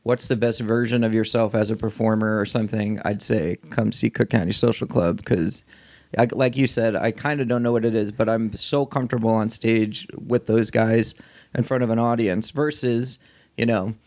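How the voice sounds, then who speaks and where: A man's voice: lowish voice, fairly even intonation, moderate pace, darkish tone. A man from the Chicago area, an actor and improviser guesting on a podcast, chatting casually in a self-deprecating way and laughing often. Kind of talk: casual chat.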